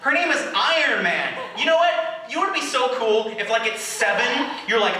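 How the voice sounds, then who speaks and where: A spoken-word poet reading to a live audience, slow and deliberate in his poems, rambling and laughing in his banter. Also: extremely high pitch, lively intonation, crowd noise. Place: indoor venue with live audience. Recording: echoey room, mic far off, faint noise.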